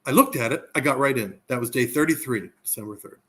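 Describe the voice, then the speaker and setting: A man's voice: mid-range voice, fast talker, sharp tone. Rambling male crypto guest. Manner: rambling, repeats words, eager. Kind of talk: casual interview chat.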